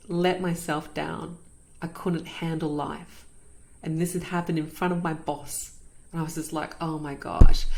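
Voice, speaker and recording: A woman, host of a podcast, telling her own story in an earnest, reflective way and repeating phrases for emphasis. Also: lowish voice. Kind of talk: personal storytelling.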